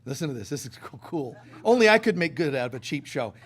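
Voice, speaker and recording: Spiritual teacher, middle-aged man; a somewhat high voice, storytelling sermon delivery with playful asides and big swings in volume. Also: sing-song, quick pace, husky.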